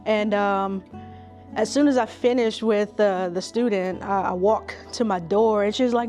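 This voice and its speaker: A woman, a school counselor telling stories in an interview in a relaxed, conversational way with many fillers. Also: mid-range voice, moderate pace, soft background music. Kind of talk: interview storytelling.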